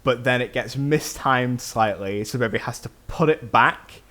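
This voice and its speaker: A man on a casual film podcast, recapping the plot in quick bursts with fillers. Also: mid-range voice, fairly bright tone. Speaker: podcast host.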